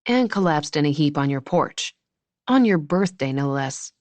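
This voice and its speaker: Woman reading an easygoing grown man, attentive, teasing, low, dry close sound. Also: lively intonation, normal speed, a little mellow, no echo.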